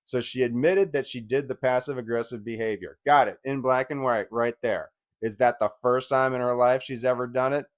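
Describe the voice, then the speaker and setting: A man's voice: medium pitch, fairly even intonation, moderate pace, hardly any pauses. A man in his forties giving an angry, profane personal rant, often stumbling and restarting his sentences. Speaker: vlogger.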